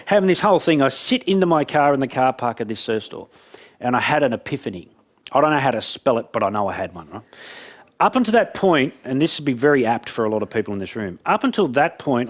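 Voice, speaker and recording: Australian male business speaker, live-audience talk, quick and brash, playful storyteller. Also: mid-range voice. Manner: brash, joking, acts out conversations. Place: event room with audience.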